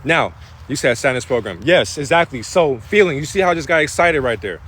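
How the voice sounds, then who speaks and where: A man talking casually on a live spiritual stream, loose and profane with street slang, breaking into animated preaching. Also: medium pitch, fairly quick, husky.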